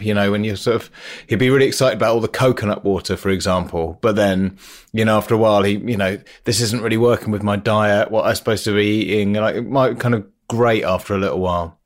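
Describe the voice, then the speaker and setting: A man hosting a podcast, musing through follow-up questions with plenty of fillers in casual chat. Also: lowish voice. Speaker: podcast host.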